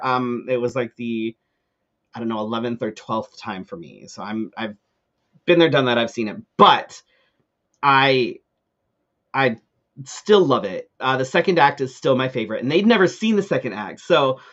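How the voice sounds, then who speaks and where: A man's voice: medium pitch, a bit bright, muffled recording. A man co-hosting a live talk show, telling a ranting story in casual chat, full of fillers and swearing.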